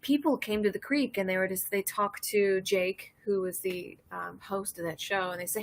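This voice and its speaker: A woman's voice: medium pitch, expressive, moderate pace, hardly any pauses, a little hiss or hum. A woman in her thirties hosting a casual drinking livestream, rambling through stories, laughing and reading chat messages. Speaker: livestream host.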